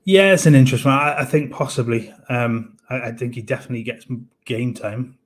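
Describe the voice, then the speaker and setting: A man co-hosting a football fan show, giving measured analysis of players with frequent hesitant restarts. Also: medium pitch.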